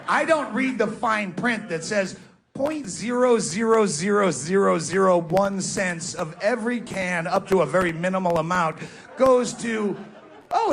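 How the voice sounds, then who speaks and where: Captured live on stage with the crowd, a male comedian delivers a sarcastic, profanity-laced stand-up rant at a comedy venue. His voice sits high and has a gravelly, fairly bright quality.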